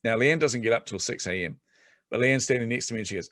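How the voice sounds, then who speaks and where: Fast-talking man telling stories. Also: mid-range voice, no room sound, studio quality. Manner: fast, animated storytelling, laughs often. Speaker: guest entrepreneur. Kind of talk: casual podcast chat.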